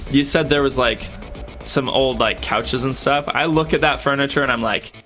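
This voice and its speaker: Bright-voiced male tabletop player. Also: medium pitch, fairly even intonation, moderate pace, faint music behind. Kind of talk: casual tabletop play.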